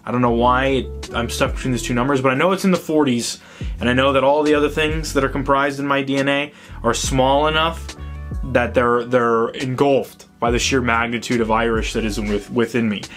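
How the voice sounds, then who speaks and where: A tired man hosting a movie ranking vlog, ranting in a profane, excitable, rambling way. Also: medium pitch, a little fast, faint music behind. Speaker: host.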